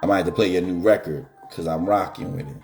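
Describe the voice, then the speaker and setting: A man's voice: low voice, steady tone, quick pace, vocal fry, darkish tone, soft background music. A middle-aged man hosting a live stream, joking in slangy casual chat.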